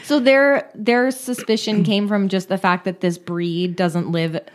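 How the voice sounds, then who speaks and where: A woman co-hosting a podcast in casual chat, reacting with quick questions and dry asides. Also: medium pitch, fairly even intonation. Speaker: podcast co-host.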